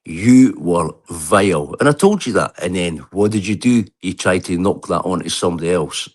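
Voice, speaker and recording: A man's voice: sits low, expressive, normal speed. A man on a video call, telling an angry, heated and sweary story with lots of restarts. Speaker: livestream guest. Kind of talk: heated casual rant.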